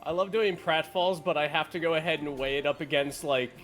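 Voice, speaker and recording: A woman's voice: low-pitched, brisk, faint music behind. A woman in her forties chatting casually on a stream, joking about herself and breaking into laughs. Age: 40s. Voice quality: jokey, self-deprecating, bursts into laughter. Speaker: guest player.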